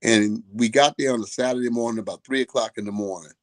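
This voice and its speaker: A man's voice: mid-range voice, steady tone, fast talker. An older man, a boxing trainer, telling a profane story and acting out the quoted voices. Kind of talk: casual storytelling.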